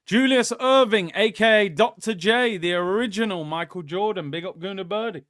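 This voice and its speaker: A young man hosting a live football watchalong, reacting excitably and joking with viewers. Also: high voice, normal speed, no echo, studio quality. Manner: excitable, jokey banter with viewers. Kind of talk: live match watchalong commentary.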